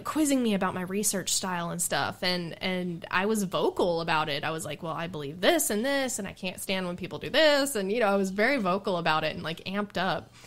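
A woman guesting on a podcast, telling stories in a casual, animated way. She laughs often and acts out the lines of the people in her stories. Her pitch sits in the middle range for a woman. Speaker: podcast guest and radio show host. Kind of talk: casual storytelling chat.

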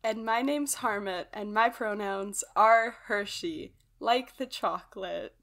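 A woman's voice: mid-range voice, slow pace, fairly bright tone. A young adult woman co-hosting a casual podcast, emotional and blunt, swearing often and slipping between laughter and tears. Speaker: podcast co-host.

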